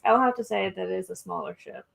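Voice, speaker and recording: Sex: woman. Role: co-host. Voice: vocal fry, lively pitch. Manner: playful, teasing. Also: fast talker. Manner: playful, teasing, laughs often. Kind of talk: casual live-stream chat.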